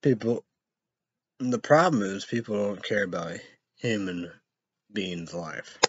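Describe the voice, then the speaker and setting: A young man hosts a casual show, reading news headlines aloud, rambling about them and spelling out names letter by letter. His voice sits on the low side and is expressive, and he takes it slowly. The recording is dull and lo-fi, with background noise.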